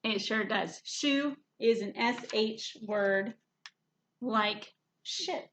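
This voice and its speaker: Librarian lady doing kids story time, real slow and sing-songy, kinda high voice. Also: a little hiss or hum. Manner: slow, sing-song teacher voice, drawn-out words, hushed shushing. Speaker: children's librarian. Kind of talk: story hour phonics lesson for kids.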